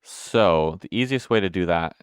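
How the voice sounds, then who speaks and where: A man's voice: deep voice, normal speed, clean tone, dry recording, studio quality. A young man giving casual, rambling gameplay commentary, hiccuping now and then, correcting himself and swearing offhand. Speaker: gameplay video host.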